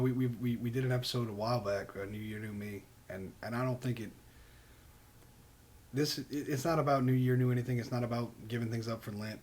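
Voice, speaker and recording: A man's voice: lowish voice, a little hiss or hum. Laid-back joking man on a podcast. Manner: laid-back, jokey, says "man" a lot, laughs often. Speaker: podcast co-host. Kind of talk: casual chat.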